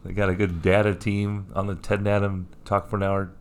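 A man's voice: low voice, flat delivery, a little fast, a little mellow, clear, resonant tone. A man co-hosting a podcast in casual chat, playful and jokey, sometimes slipping into a sing-song delivery. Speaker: podcast co-host.

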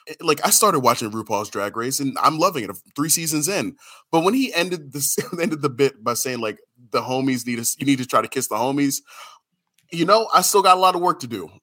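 A man on a podcast panel, talking in a bright, forward voice. He is animated and self-deprecating, with laughter running through his talk and his pitch swinging up and down. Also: a little fast. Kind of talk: casual chat.

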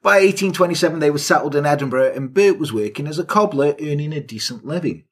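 Husky man telling crude true-crime jokes. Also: on the high side, lively intonation, fast. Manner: crude, jokey, sarcastic asides. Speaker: podcast co-host. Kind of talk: casual comedic true-crime storytelling.

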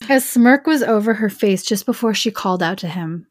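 A woman's voice: mid-range voice, expressive, moderate pace, no echo, clean studio sound. A woman podcast host reading an erotic story aloud and breaking off into joking asides.

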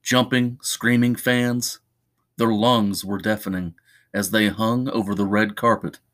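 Man narrating a horror story, low voice. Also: steady tone, unhurried, fairly bright tone. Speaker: podcast narrator.

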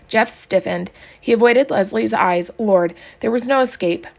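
A woman reading a children's novel aloud in a calm, even storybook narration. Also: medium pitch, moderate pace, creaky. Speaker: audiobook reader.

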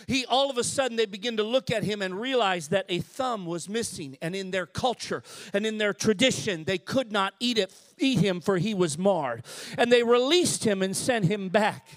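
A man preaching a sermon. He tells a story in a hushed, low voice, then builds to shouted, drawn-out climaxes. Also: expressive, no room sound.

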